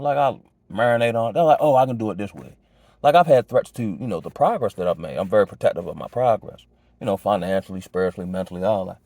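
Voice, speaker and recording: Laid-back low-voiced man musing. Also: dark tone, no echo. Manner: laid-back, slang-heavy, full of "you know what I'm saying"; reflective and earnest. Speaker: vlogger sharing life advice. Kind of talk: casual motivational monologue.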